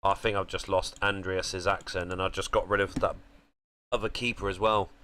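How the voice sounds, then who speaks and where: A young man hosting a gaming channel, chatting casually as he plays and thinking aloud, with sudden excited outbursts. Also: deep voice, a little fast, a little hiss or hum. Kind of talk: casual gameplay commentary.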